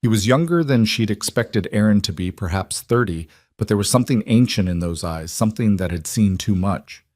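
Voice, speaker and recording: Brief: low-pitched male narrator for a dry, close storybook read, steady and measured. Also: no echo. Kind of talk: scripted audiobook narration.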